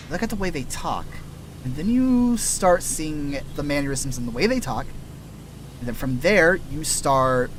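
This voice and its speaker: A man's voice: fairly high pitch, fairly bright tone. A male streamer rambling casually while he plays, trailing off and restarting often. He explains voice-acting tricks like a laid-back teacher, and his throat sounds dry and scratchy. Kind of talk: rambling gameplay stream chat.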